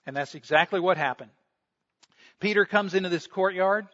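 A man preaches in a high, expressive voice, slipping into the voices of the people in the story he retells. The recording sounds somewhat dull and lo-fi. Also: moderate pace, long pauses. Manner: storytelling, acts out quoted voices. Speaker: pastor. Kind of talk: sermon.

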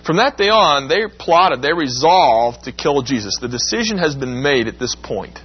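A man teaching a Bible class, lecturing in a lively way and acting out quoted lines. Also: normal speed, breathy edge, dull audio. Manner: animated, acts out quotes with rising pitch.

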